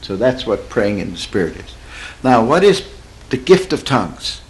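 A man preaching a sermon in a folksy, conversational way, slowing down to stress points and chuckling at his own stories. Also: sing-song, rough recording. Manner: drawls and slows for emphasis, swoops in pitch. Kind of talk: sermon teaching.

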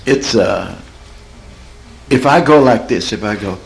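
A man preaching a sermon in a folksy, conversational way, slowing down to stress points and chuckling at his own stories. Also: expressive, gravelly, faint music behind, poor audio. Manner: drawls and slows for emphasis, swoops in pitch. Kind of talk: sermon teaching.

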